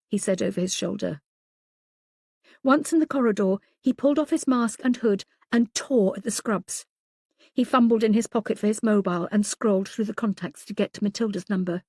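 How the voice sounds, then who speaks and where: A woman's voice: mid-range voice, moderate pace, dry recording. Woman narrating an audiobook, dry sound. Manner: even, storytelling.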